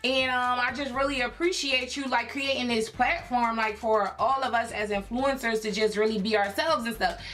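A woman's voice: fairly high pitch, normal speed, hardly any pauses. Chatty woman telling a story, light music. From Philadelphia. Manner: chatty, animated, heavy fillers, acts out quotes. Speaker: YouTube creator. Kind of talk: casual storytelling vlog.

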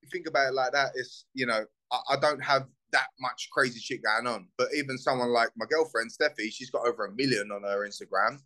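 Blunt South London fighter, bright voice. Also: male voice, mid-range voice, a little fast, hardly any pauses, poor audio. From South East London. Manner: blunt, swears freely, heated. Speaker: bare-knuckle fighter. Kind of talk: casual interview.

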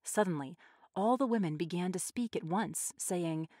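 Woman narrator, expressive and measured, low and lively, dry studio sound. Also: dry recording. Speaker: audiobook narrator. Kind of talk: scripted story narration.

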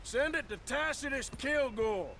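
A man's voice: very high-pitched, expressive, unhurried, sharp tone, exaggerated voice. An actor playing a rugged, sardonic male outlaw in a video game, speaking in a dry, blunt way. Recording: game audio with clear background noise.

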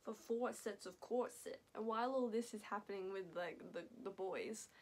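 A young Australian woman rambling excitedly in a casual reaction vlog, laughing often between thoughts. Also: medium pitch, normal speed, slight background noise. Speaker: vlogger.

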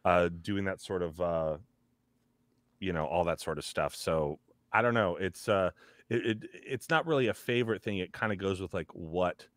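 Deep-voiced man rambling in an interview. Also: moderate pace, fairly bright tone, no room sound. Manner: rambling, with many fillers, and slips in and out of character voices. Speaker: voice actor guest. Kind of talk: casual podcast interview.

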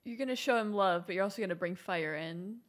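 A woman's voice: medium pitch, fast talker, background noise. A woman hosting a movie reaction, talking casually and laughing often. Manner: giggly, with frequent laughter. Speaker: host.

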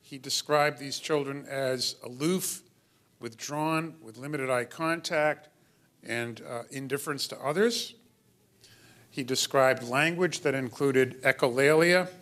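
A man's voice: mid-range voice, unhurried, a bit bright. A middle-aged man giving a lecture in a hall as a pediatrician, explanatory with wry asides. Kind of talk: lecture to an audience.

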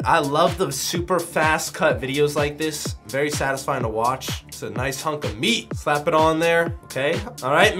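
An excitable man chatting casually as he reacts to short videos. His voice swings widely up and down, he laughs and shouts a lot, and faint music plays underneath. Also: a little high. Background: faint music from clips.

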